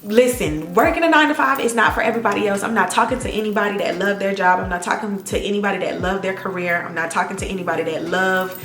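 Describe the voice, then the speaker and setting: A woman's voice: on the low side, fairly bright tone, echoey room. Earnest faith-filled woman vlogger. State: a little hoarse and emotional. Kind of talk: heartfelt storytime vlog.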